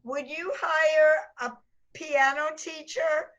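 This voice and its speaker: Slow, high-voiced woman asking pointed questions. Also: steady tone, a bit bright, lo-fi sound. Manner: measured, makes points with rhetorical questions. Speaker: educator on a panel. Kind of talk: panel discussion.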